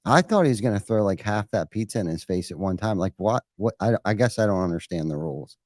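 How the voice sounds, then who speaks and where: Joking bro-talk podcast host. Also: male voice, lowish voice, animated, quick pace, a little mellow, dry recording, clean studio sound. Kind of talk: casual live show hosting.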